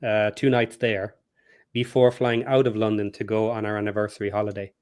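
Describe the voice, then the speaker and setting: A man's voice: lowish voice, little pitch movement, a little fast, darkish tone, clean tone. A man on a casual podcast panel, telling a personal story and laughing easily. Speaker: podcast guest. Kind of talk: casual live podcast banter.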